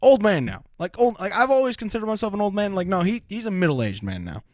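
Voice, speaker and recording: A man's voice: sits high, big pitch swings, fast, darkish tone, no echo. A man in his twenties co-hosting a podcast with dry, self-mocking humor. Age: 20s. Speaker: podcast co-host. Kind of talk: casual chat.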